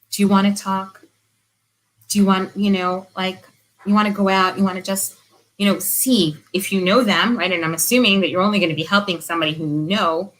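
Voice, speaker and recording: A middle-aged woman with a slightly low voice talks through informal guidance as a support counselor. She sounds gentle, earnest and reassuring. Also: poor audio. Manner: briefly drops to a whisper.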